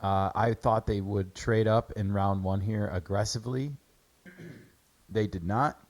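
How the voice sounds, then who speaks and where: A man's voice: on the low side, fairly even intonation, a little slow, a little mellow. A man hosting a casual sports show, breaking down football draft picks in a chatty way with lots of fillers. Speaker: sports podcast host.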